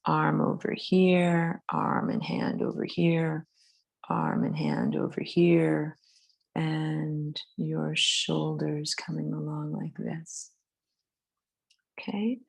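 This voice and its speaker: A woman's voice: sits low, vocal fry, slightly rough. A woman teaching a casual drawing lesson from her home studio, talking loosely with many fillers while she sketches. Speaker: art and spirituality teacher. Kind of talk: live-streamed drawing lesson. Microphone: phone camera.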